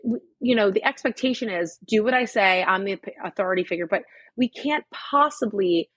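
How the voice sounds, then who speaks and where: A woman's voice: medium pitch, a little fast, a bit bright, breathy edge, no room sound. A woman co-hosting a podcast, talking frankly and swearing freely in casual chat. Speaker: podcast co-host.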